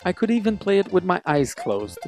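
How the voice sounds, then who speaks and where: A man's voice: high-pitched, very animated, fairly quick, darkish tone, faint music behind. A man from Quebec reading a scripted countdown of his favourite video games, enthusiastic and nostalgic about his childhood. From Quebec, Canada. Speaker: video game reviewer.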